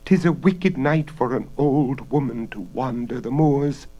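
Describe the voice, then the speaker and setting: A man voicing a robber disguised as a feeble old woman in a storybook reading, with a hoarse, rasping, high voice. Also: unhurried, dark tone, dull audio, natural voice. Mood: pleading.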